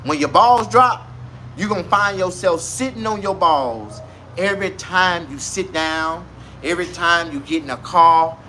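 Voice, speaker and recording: Loud crude man ranting to camera. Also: a little high, unhurried, a little hiss or hum. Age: 40s. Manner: loud, crude, animated street slang. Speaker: vlogger. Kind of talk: casual comedic rant to camera.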